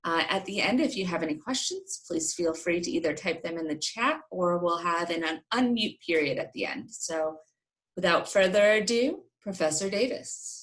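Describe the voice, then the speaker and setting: A woman's voice: lowish voice, lively intonation, normal speed, a bit bright. A woman introducing an online talk as host, formal and welcoming, on a video call. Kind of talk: show introduction.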